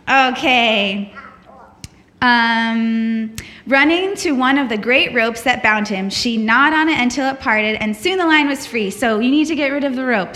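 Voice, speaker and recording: A woman with a high, bright voice runs a children's story time at church. She reads aloud and keeps prompting the kids to act along in an upbeat way.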